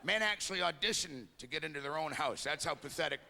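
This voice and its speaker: A middle-aged man doing stand-up comedy, animated and acting out quick bits of dialogue, recorded live with a loud crowd. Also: fairly high pitch, gravelly, heavy background noise.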